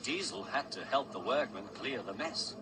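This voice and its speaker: A man narrating a children's train story in a lively, expressive storybook manner. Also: medium pitch, normal speed, noisy background. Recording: loud background music.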